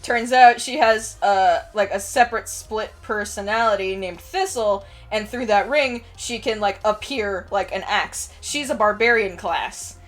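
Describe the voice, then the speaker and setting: A woman's voice: medium pitch, a little slow, few pauses, soft background music. A young woman hosting a stream, chatting casually in a giggly, rambling way and swearing freely. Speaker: streamer host. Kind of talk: casual chat.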